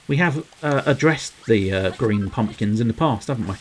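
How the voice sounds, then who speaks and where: A man's voice: lowish voice, expressive, a little fast, hardly any pauses, a little hiss or hum, rough recording. A man streaming a game, rambling playfully to his viewers with cheeky innuendo. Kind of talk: casual livestream commentary.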